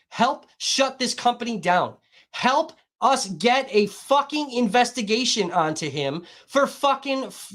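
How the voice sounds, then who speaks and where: A woman live streaming, swearing constantly in an irritated, combative rant. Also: fairly high pitch. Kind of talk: livestream rant.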